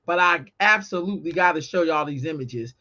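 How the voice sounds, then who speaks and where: A woman's voice: sits low, animated, brisk, sharp tone, dull audio. A woman co-hosting a podcast in casual chat, talking bluntly and emphatically with plenty of profanity. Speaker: podcast co-host.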